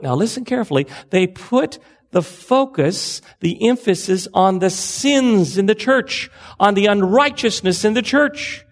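A man preaching a sermon to his congregation, earnest, repeating phrases and asking rhetorical questions. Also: high-pitched. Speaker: pastor.

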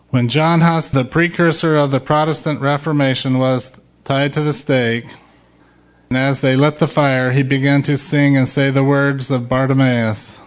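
Slow, emphatic male preacher. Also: medium pitch. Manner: slow, emphatic preaching, rising loud when quoting shouts. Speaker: pastor. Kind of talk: sermon.

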